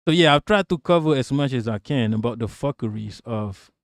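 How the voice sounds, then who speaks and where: A man's voice: mid-range voice, animated, a little fast, no room sound, clean studio sound. A man from Malaysia hosting a livestream, ranting casually about politics with lots of swearing and jokes, reading out chat. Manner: profane, joking, reads chat aloud. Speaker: livestream host.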